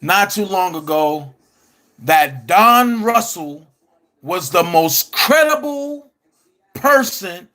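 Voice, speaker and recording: Man, high voice, bright tone, slow emphatic commentary host. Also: expressive. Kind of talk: casual commentary.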